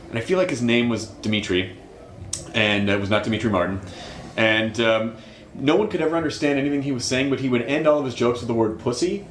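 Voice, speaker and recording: A man hosting a comedy podcast in casual chat, who asks rambling, stammering questions. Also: mid-range voice. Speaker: podcast host. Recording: roomy with faint noise.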